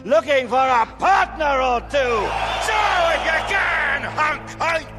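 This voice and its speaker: This is a ridiculous hype-man voice, pitched way up and stretched out into slow, shouted lines. It is goofy and over the top, with loud music playing behind it. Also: lively intonation, heavily acted. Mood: gleeful. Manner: shouting, drawn-out silly delivery.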